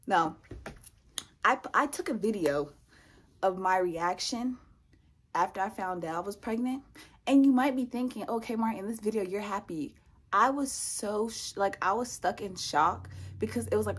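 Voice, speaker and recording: Young woman, husky voice, animated storytime vlogger who repeats herself for emphasis. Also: medium pitch, moderate pace. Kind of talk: storytime vlog.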